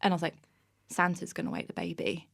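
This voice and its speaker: A woman in her thirties, a podcast guest telling an animated story in casual interview chat, bursting into laughter often. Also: on the low side, fast talker, gravelly.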